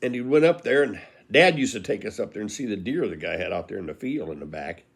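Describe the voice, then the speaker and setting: A man's voice: lowish voice, lively intonation, fast talker, gravelly, breathy edge. An older man from California telling rambling, folksy stories about his old buddies, chuckling as he goes. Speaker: storyteller. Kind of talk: casual spoken storytelling.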